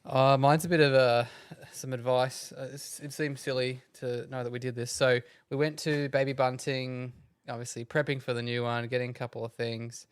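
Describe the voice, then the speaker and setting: A man in his thirties, co-hosting a podcast and telling a rambling anecdote about his kids in a relaxed way. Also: medium pitch, normal speed, few pauses, smooth. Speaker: podcast co-host. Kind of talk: casual chat.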